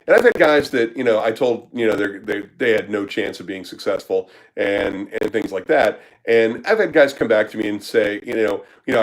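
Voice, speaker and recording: A man's voice: fairly low pitch, lively intonation, moderate pace, hardly any pauses, poor audio. A man who works as a startup business consultant, answering questions in a casual live Q&A, blunt and profane with lots of filler words.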